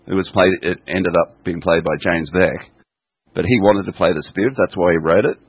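A man chatting casually and reminiscing, quick to laugh, on a dull, dry, lo-fi recording. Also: sits low, slightly rough, no room sound. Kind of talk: casual chat.

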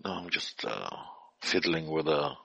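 A man from Europe talking on an online audio chat, unhurried and halting with fillers. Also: very deep voice, very animated, vocal fry, noisy background. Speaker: caller.

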